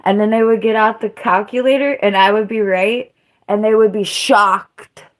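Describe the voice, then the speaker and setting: A woman's voice: medium pitch, steady tone, moderate pace. A woman in her thirties livestreaming a casual monologue, rambling through a story with a self-mocking tone. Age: 30s. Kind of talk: casual live-stream monologue.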